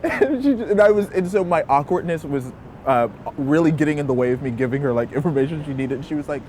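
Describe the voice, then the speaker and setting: A young man from Memphis telling a personal story in a lively way, laughing often and acting out quotes. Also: on the high side, fast talker. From Memphis, Tennessee. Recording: outdoor recording with street noise.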